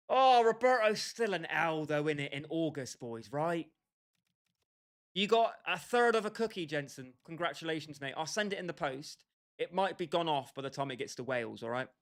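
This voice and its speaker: A man's voice: fairly high pitch, animated, normal speed, pauses often. A young British man casually chatting with his livestream viewers, bantering with them by name and laughing often. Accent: British English. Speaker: streamer.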